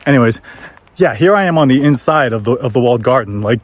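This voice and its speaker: A man speaking casually on a forest trail, his voice at a middle pitch. He tells an animated story while walking. He slips into high, exaggerated voices for the people he quotes. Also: fast. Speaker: former trader telling a story.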